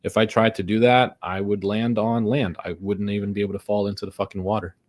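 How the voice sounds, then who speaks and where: A man's voice: lowish voice, level tone, a little fast, a little mellow. A young man live-streaming his day trading, exasperated and swearing as he mutters to himself about his losses. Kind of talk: frustrated live commentary.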